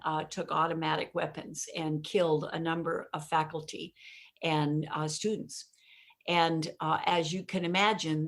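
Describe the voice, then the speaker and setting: A woman being interviewed, telling stories with energy and emphasis and laughing at her own jokes. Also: fairly low pitch. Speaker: interview guest, communication expert. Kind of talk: conversational interview.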